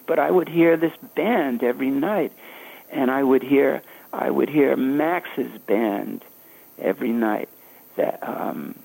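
An older man, a jazz saxophonist, telling stories in a halting, anecdotal way during an interview. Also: medium pitch, creaky, darkish tone, low-quality recording. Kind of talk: reminiscing interview storytelling.

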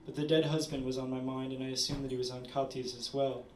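A man reading his own short story aloud at a literary event, measured with small stumbles. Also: mid-range voice, flat delivery, a little mellow, a little hiss or hum. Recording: roomy, distant audience recording.

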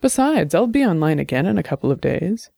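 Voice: mid-range voice, very animated, brisk, gravelly, warm tone, no room sound, clean studio sound. A reader voicing an anxious middle-aged office worker whose voice shakes with nerves. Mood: nervous. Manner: anxious, shaky. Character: nervous, sweating middle-aged office man.

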